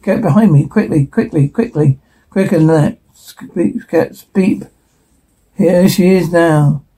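A man's voice: fairly high pitch, unhurried, warm tone, breathy edge, low-quality recording. A man dubbing a whole scene alone, switching between characters and reading the sound cues aloud. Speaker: voice performer. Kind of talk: solo dub of a TV scene.

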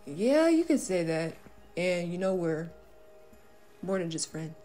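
Killua, laid-back. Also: female voice, lowish voice, very animated, unhurried, mellow, faint music behind. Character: Killua, a cool teenage boy, easygoing and teasing. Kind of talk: fan role-play.

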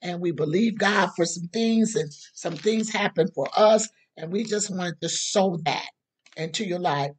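A kind, generous churchman speaks gently and sincerely, voiced by a woman preacher. The voice stays near the preacher's own husky tone. It sounds soft and heartfelt. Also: on the low side, unhurried.

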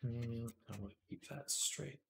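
Male streamer, mid-pitched, gravelly edge, murmurs through his modeling work with soft whispered asides, perks up when chatting with viewers. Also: measured pace, background noise. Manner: quiet murmuring to himself, drops into soft whispered asides while working; chatty and amused when answering chat. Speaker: livestreamer. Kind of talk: casual live-stream commentary while 3D modeling.

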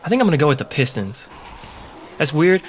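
A man's voice: a little high, sing-song, a little fast, a little hiss or hum. A young man doing loose, profane, joking commentary while playing a video game. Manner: profane, rambling, jokey. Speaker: let's play gamer. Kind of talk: casual gameplay commentary.

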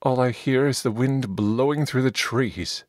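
A man's voice: mid-range voice, unhurried, darkish tone, no room sound, clean studio sound, voice pushed up, natural voice. A man voicing a dim-witted, timid young male warrior in an audiobook, eager to please. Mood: anxious.

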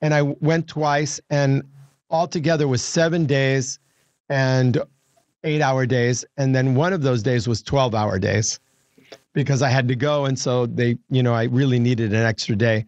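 A man's voice: medium pitch, fairly even intonation, a little slow, a little mellow, no room sound, muffled recording. A man in his seventies chatting as a guest, laughing easily and restarting his sentences. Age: 70s. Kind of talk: casual chat.

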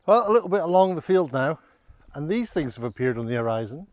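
A man's voice: a little high, big pitch swings, quick pace, a little mellow, dry recording, muffled recording. A man narrating a casual walking vlog outdoors in open countryside, chatty and rambling, a little out of breath on the climbs. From Scotland. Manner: chatty, rambling, self-deprecating. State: out of breath on an incline. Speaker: vlogger on a countryside hike.

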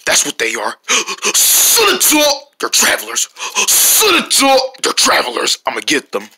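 A woman voicing a territorial forest keeper who shouts with outrage at intruders. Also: mid-range voice, huge pitch swings, a little slow, slightly rough, exaggerated voice. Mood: outraged.

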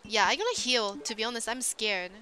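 Brisk and sharp-toned, her voice runs on the high side, with a little hiss or hum in the background. She's a Japanese-accented streamer giving casual gameplay commentary, answering chat in simple non-native English and exclaiming at on-screen moments.

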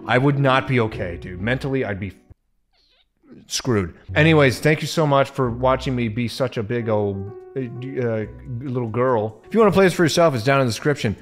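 A man's voice: mid-range voice, lively intonation, moderate pace, soft background music. Squeamish young man playing a game. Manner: jumpy, squeamish, swears and groans. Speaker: gaming video creator. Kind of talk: casual let's-play commentary.

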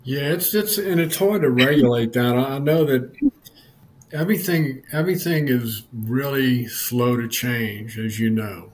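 A man's voice: mid-range voice, measured pace. A man speaking as a podcast guest, talking in a folksy, storytelling way with frequent restarts and "you know.". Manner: folksy, repeats words, lots of "you know". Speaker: guest, lawyer assistance program director. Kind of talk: casual podcast conversation, storytelling.

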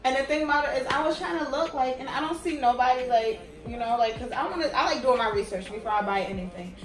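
A woman's voice: high-pitched, fast talker. A young woman giving a casual wig review, blunt and profane, complaining in exasperation. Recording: roomy sound from a distant mic with music behind.

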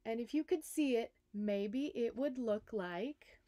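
A woman, a nurse, reading a children's picture book aloud, expressive and speaking directly to young listeners. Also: a little high, slow, slight background noise. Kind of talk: storybook read-aloud for children.

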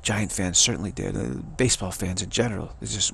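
A man's voice: low-pitched, lively intonation, brisk, vocal fry, fairly bright tone, slight background noise. A man giving a casual spiritual talk, rambling, chuckling and repeating phrases. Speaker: spiritual teacher.

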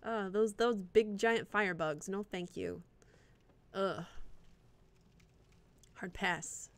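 A woman streaming live gameplay, swearing and reacting out loud to the game and chatting with viewers. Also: mid-range voice, slow pace, clean tone, dry recording. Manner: profane, reactive, talks to the game and chat.

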